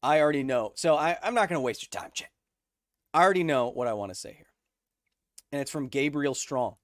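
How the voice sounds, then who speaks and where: A man in his thirties hosting a live stream, reading chat questions aloud and explaining science in an energetic way. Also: mid-range voice, fairly quick, no echo, studio quality. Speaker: host.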